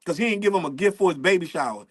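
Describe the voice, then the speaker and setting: Hosting a casual commentary show, a man with a strikingly high voice rants at rapid-fire speed. His delivery is profane and animated, with laughter breaking in between his points.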